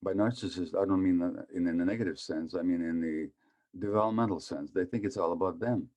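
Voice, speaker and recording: Low-voiced man in his seventies. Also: brisk, a little mellow. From Hungary. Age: 70s. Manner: conversational, asks the audience questions. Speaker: physician speaker. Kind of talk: public talk on trauma.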